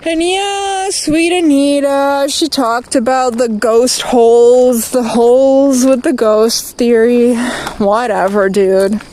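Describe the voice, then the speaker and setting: A woman streaming outdoors, delivering a rambling, profane rant and quickly getting angry. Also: high voice, fairly even intonation, a little mellow, slight background noise, poor audio. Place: outdoors, walking past litter and traffic.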